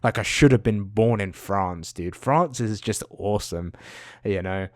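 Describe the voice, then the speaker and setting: A man's voice: lowish voice, a little slow, dry recording, clean studio sound. A young man ranting casually to his camera, rambling and swearing, mocking himself as he goes. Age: young adult. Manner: rambling, profane, self-mocking. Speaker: vlogger.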